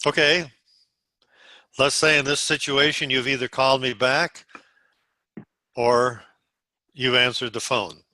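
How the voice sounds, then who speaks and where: Bright-voiced man coaching a sales team. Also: medium pitch, flat delivery, slow, long pauses, no room sound. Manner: instructive, walks through phone scripts step by step. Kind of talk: coaching a group over a video call. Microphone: video call.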